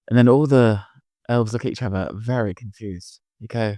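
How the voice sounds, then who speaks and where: A father narrating an improvised bedtime story in a playful, animated way. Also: fairly low pitch, normal speed, no room sound, clean studio sound.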